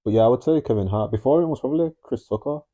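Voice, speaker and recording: A man's voice: medium pitch, racing, dark tone, dull audio. A young man, co-hosting a podcast in easygoing, dry casual chat. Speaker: podcast co-host.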